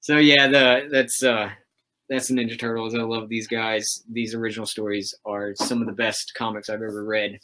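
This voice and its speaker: A man's voice: lowish voice, flat delivery, moderate pace, pushed and bright. A man hosting a casual livestream chat, talking about comics in a rambling, enthusiastic way with lots of fillers. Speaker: host of a livestream.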